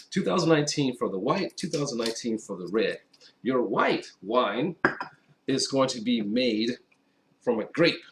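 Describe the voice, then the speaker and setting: A man from Wisconsin hosting a casual wine tasting vlog, chatty and upbeat, talking straight to his viewers. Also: mid-range voice. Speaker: wine reviewer. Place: indoors at a table with a white background.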